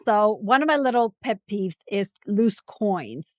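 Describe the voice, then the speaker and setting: A woman's voice: medium pitch, expressive, unhurried, darkish tone, no room sound. Affirming woman podcast host, dry sound. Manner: affirming, encouraging interviewer. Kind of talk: casual chat.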